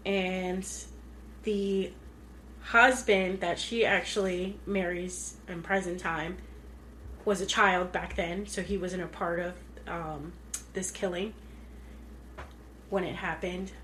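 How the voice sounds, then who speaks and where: A woman's voice: lowish voice, fairly even intonation, takes it slowly, long pauses, fairly bright tone, slight background noise. Chatty woman podcast co-host. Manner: chatty, retells scenes with many "like"s. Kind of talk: casual chat.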